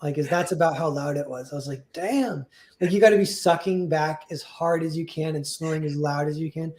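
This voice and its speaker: A young man with a somewhat high voice talks casually on a livestream. He rambles, restarts his sentences and fills them with "like," chuckling along as he goes. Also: fairly quick, a little mellow.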